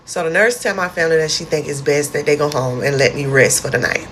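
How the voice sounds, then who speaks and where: A woman with a low voice recounts her own story in a storytime video. She tells it animated and dramatic, acting out what she and others said. A faint hiss sits under the recording. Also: fast, few pauses. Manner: animated, dramatic retelling with quoted outbursts. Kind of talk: personal storytime narration.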